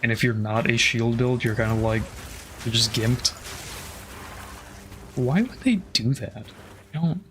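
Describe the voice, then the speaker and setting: A man's voice: mid-range voice, a little slow, pauses often, a bit bright, slight background noise. A man casually commenting on his game as he plays, thinking aloud, swearing often and trailing off with fillers. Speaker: streamer.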